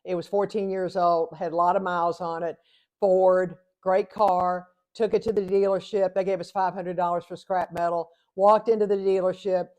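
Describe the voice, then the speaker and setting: A woman's voice: lowish voice, moderate pace. An older woman, telling a funny personal story as host and acting out the dialogue with animation. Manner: animated, acts out both sides of dialogue. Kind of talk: comic storytelling monologue.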